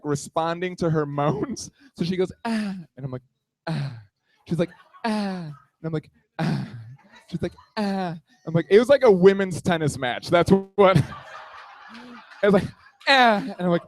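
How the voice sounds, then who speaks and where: A man in his twenties doing a stand-up comedy set on a small bar stage, self-deprecating and riffing on the room around him. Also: high-pitched. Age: 20s.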